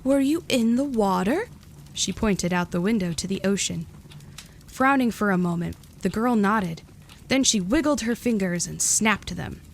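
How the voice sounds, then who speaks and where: A woman narrating a gentle storybook tale in a calm, even reading. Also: mid-range voice, moderate pace, creaky, a little hiss or hum.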